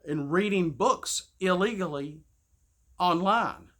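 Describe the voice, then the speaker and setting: A man's voice: high-pitched, slow pace, sharp tone. A man ranting in a casual monologue. He sounds preachy and indignant and often stammers and restarts his sentences. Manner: rambling, with frequent stammered restarts. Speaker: gaming channel host. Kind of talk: casual spoken rant.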